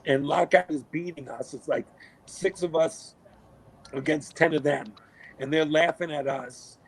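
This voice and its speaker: A middle-aged man, a podcast guest, telling stories in a casual, animated way, cursing freely and acting out what people said. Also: on the high side, a little slow, breathy edge, low-quality recording. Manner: animated, swears a lot, acts out quotes. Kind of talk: casual storytelling.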